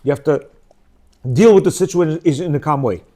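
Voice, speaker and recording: A man's voice: a little high, brisk, dark tone. A middle-aged man giving an informal religious lecture, conversational and often checking in with his listeners. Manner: conversational, keeps checking in with "yeah?" and "you know"; acts out quoted speech in shifting voices. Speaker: religious teacher.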